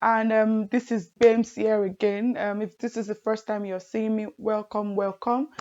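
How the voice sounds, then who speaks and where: A young woman from Nigeria chatting casually to her viewers in a lively, teasing way. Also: medium pitch, a little slow. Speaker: vlogger. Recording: muffled lo-fi audio.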